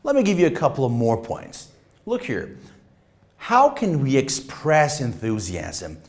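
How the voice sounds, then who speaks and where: A male test-prep teacher explains in a slow, unhurried way. His pitch swings widely as he demonstrates rising and falling intonation. His delivery is emphatic and deliberate. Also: big pitch swings. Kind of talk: instructional lesson.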